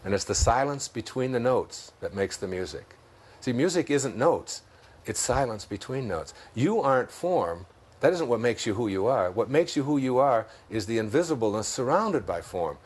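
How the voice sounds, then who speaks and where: Husky-voiced storytelling man from Detroit. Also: medium pitch, animated, normal speed, hardly any pauses. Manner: reflective, storytelling, laughs often. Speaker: interview guest, self-help author. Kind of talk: conversational talk.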